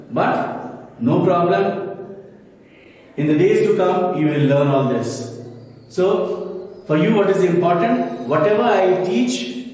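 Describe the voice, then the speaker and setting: A man teaches a school biology lesson at a slow, steady pace, repeating terms and checking in with "okay?". His voice sits high for a man. He is picked up from a distance in an echoey room with a long reverb tail. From India. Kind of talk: recorded classroom lesson.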